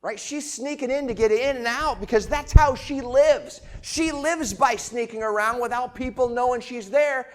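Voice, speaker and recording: A man preaching a sermon in a casual, conversational way, asking rhetorical questions and swinging between loud emphatic lines and quiet ones. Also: very high-pitched, moderate pace, hardly any pauses. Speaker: pastor.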